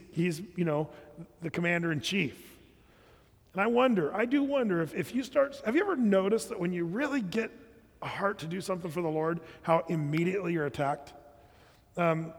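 Conversational pastor, slightly high, in a reverberant hall. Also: male voice. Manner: conversational, many fillers and restarts. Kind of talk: Bible teaching to a men's group.

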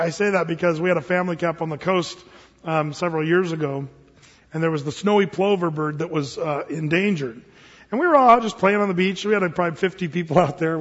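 High-voiced husky preacher in a reverberant hall. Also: male voice. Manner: storytelling, folksy and joking, reads scripture slowly. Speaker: pastor. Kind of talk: sermon. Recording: dull lo-fi sound with long hall reverb.

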